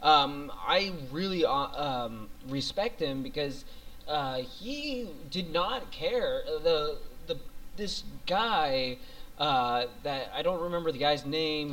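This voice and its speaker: A man's voice: on the high side, fairly bright tone, a little hiss or hum, poor audio. A man hosting a casual podcast chat, rambling with many fillers and laughing often. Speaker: podcast host.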